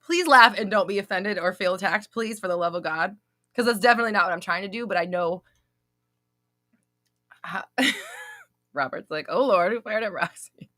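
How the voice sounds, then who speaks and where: A woman's voice: mid-range voice, bright, forceful tone, no room sound, clean studio sound. A young woman hosting a live Q&A stream, casually reading out viewer comments, blunt and swearing freely, laughing often as she scolds.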